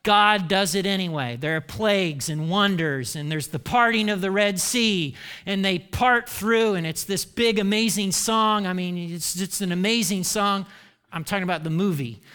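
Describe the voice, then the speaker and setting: Brief: pastor in mid-sermon, higher-pitched man, lively storyteller who pokes fun at himself. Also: normal speed, clear, resonant tone. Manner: animated, self-deprecating storytelling.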